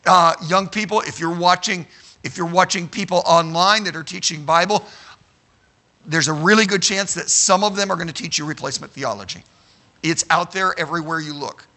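A high-pitched Bible teacher delivers a sermon to a live audience, animated and emphatic. He checks in with the room with frequent "okay?" and sometimes shouts a phrase for emphasis.

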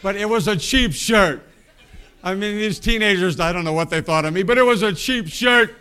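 A man's voice: sits high, moderate pace, pushed and bright, clear, resonant tone. A middle-aged man preaching, telling a rambling, folksy anecdote with self-amused laughs. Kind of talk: storytelling sermon.

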